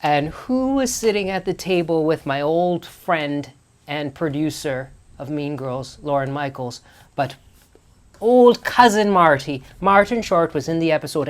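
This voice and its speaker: A man's voice: a little high, moderate pace, darkish tone. A man vlogging in a small barn studio, telling stories casually with lots of restarts and self-corrections. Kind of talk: casual storytelling to camera.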